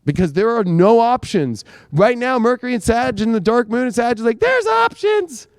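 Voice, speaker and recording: High-voiced, profane astrologer man. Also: fairly quick, a little mellow, dry recording. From United States. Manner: emphatic, profane, rambling. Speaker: astrologer host. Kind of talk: live casual astrology talk.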